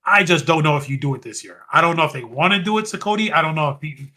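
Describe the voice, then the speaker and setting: A male podcast host with a bright, slightly high voice delivers an animated, fast-running recap of wrestling in a casual chat.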